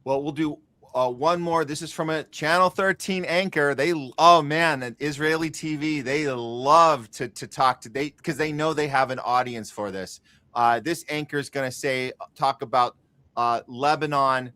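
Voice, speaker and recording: Podcast host, male, bright and slightly high, dry close sound, rhetorical and chatty. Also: no echo. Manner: rhetorical questions, quick asides. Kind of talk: casual political podcast chat.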